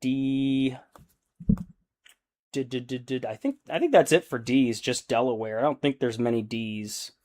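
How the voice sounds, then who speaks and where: A man in his young adult years talks in an unhurried, drawn-out way during a casual live stream, mid-pitched and easygoing. He rambles and thinks aloud while he paints, breaking into laughter often. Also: lively intonation, a little mellow.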